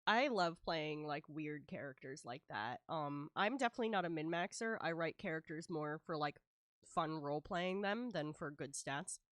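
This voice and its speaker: A woman's voice: low-pitched, animated, moderate pace, dry recording, clean studio sound. A woman with a stuffy nose chatting casually while she draws on a live stream, often laughing and filling with "like". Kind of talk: casual chat while drawing.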